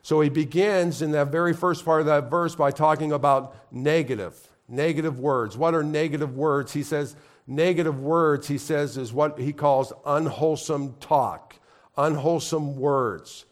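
A man's voice: a little high, moderate pace. A man preaching a sermon to a congregation, repeating key phrases and asking the crowd to answer back. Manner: repetitive call-and-response preaching. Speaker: pastor. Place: congregation in a room.

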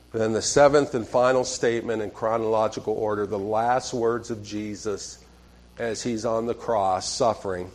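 Preaching in a chatty manner, this male pastor drops his fairly low voice to a hush over scripture and keeps asking "okay?" to check in with listeners.

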